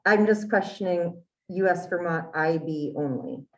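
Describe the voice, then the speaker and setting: A woman's voice: lowish voice, measured pace. A woman on a committee thinking aloud and asking questions to follow a policy discussion. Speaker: committee member. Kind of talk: meeting discussion. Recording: dull lo-fi meeting recording.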